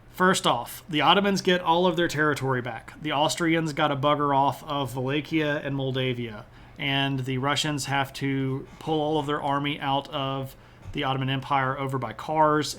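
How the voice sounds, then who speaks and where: A man's voice: a little high, fairly bright tone. A man giving a casual, chatty history lecture on a live stream, with frequent "uh" and "um" fillers. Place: home streaming setup.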